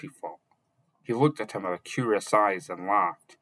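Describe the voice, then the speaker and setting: A man narrating chapters of a fantasy novel, reading slowly and haltingly, sometimes correcting himself and only lightly voicing the characters. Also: fairly low pitch, a bit bright, poor audio. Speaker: audiobook narrator.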